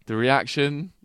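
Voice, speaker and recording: A man's voice: mid-range voice, fairly bright tone, dry recording, studio quality. A British man co-hosting a podcast in casual chat, emphatic, profane and enthusiastic. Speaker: podcast co-host.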